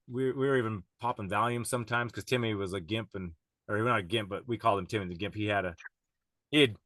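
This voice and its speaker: A man's voice: on the low side, fairly bright tone, no room sound. A man guest on a podcast, telling a wild story in a rambling, profane way with frequent laughs. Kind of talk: casual storytelling chat.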